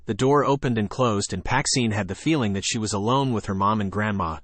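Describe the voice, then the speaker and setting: A man reading a story aloud as an audiobook narrator, in an even, unhurried way. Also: lowish voice, no room sound.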